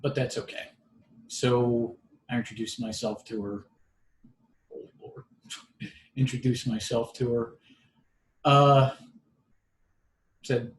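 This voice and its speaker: A man telling a personal story in a casual monologue, with wry, deadpan humor. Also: mid-range voice, slow pace, long pauses, a little hiss or hum. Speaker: podcast storyteller. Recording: roomy echo.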